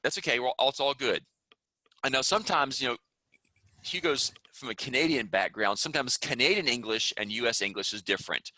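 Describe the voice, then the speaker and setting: An upbeat man with a Southern US accent, talking through an online English lesson in a rambling, friendly way. His voice is bright and close, with a dry sound and no room around it. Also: medium pitch, a little fast, dry recording, rough recording. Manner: upbeat, chatty, rambling asides. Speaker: English teacher. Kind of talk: online class chat.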